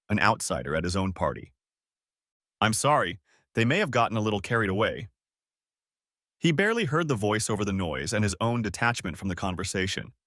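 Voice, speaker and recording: A man narrating a scripted audiobook story with expressive storytelling. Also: on the low side, dry recording, studio quality.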